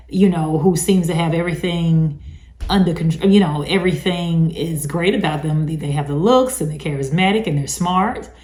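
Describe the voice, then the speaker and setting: Here the host discussing narcissistic abuse has a lowish, slightly mellow voice. Her casual advice talk is emphatic and chatty with plenty of asides, heard in an echoey room.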